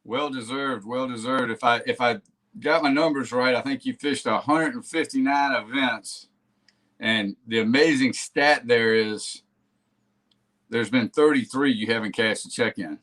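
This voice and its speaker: A man hosting a casual live interview stream, with a middle-pitched, everyday voice. He talks in a loose, friendly way, often restarting and repeating words mid-thought. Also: unhurried, fairly bright tone. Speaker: host.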